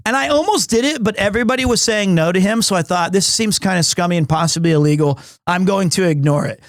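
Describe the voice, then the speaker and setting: Lively high-voiced man in his forties. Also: fairly quick, dry recording, studio quality. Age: 40s. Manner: animated, acts out quoted people in funny voices. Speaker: streamer. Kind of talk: casual storytelling to stream chat.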